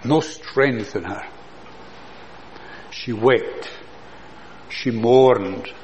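A man preaching a sermon in an earnest way, building to loud, passionate emphasis and then dropping soft. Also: mid-range voice, drawn-out words, muffled recording, slight background noise.

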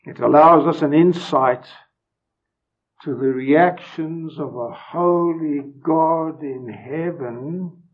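Slow, husky preacher man, dull recording. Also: on the high side. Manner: solemn, emphatic, swings from loud to hushed. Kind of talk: sermon.

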